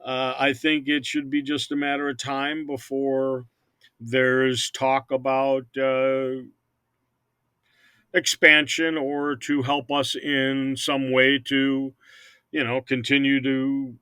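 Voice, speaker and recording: Older man, hockey team owner, bright forceful voice, rambling chat, dry close sound. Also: medium pitch, level tone, slow, clear, resonant tone, dry recording. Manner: rambling, repeats words often. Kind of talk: casual interview chat.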